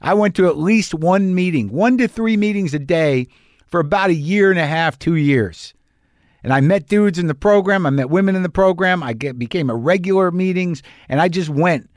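A man's voice: sits high, normal speed, no room sound. Middle-aged male comedian, confessional monologue, blunt and profane, self-mocking; dry close recording.

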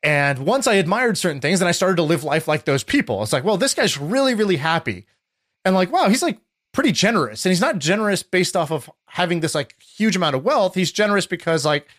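A young man with a fairly high, slightly bright voice tells stories in casual conversation. He rambles, leaning on lots of filler words and restarts.

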